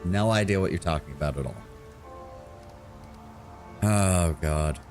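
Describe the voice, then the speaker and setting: A man's voice: low-pitched, measured pace, a little mellow, soft background music. A man live-streaming a role-playing game, reading the text aloud and joking with chat between lines.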